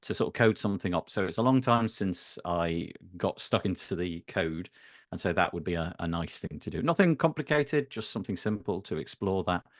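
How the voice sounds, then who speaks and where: A man's voice: sits low, expressive, fairly quick, no room sound, studio quality. A middle-aged man chatting as a podcast guest, self-deprecating and hesitant, with many fillers. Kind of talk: casual interview chat.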